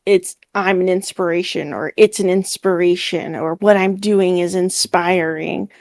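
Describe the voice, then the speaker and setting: A woman's voice: on the low side, steady tone, measured pace, a little mellow, no room sound, studio quality. A woman with a Midwestern American accent, a guest in a casual interview, speaking very expressively and laughing often.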